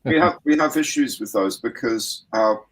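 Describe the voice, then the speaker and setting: A man's voice: mid-range voice, normal speed, slightly rough, rough recording. An older man chatting on a hobby livestream, telling wry, grumbling stories about home life. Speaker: co-host on a modelling stream. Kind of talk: casual group chat on a modelling stream.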